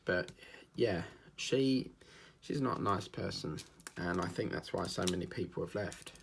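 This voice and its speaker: A man's voice: low-pitched, a little slow, creaky, noisy background. A man chatting casually while he works on a diamond painting, rambling from story to story and slipping into mimicked accents. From England. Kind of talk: casual chat while crafting.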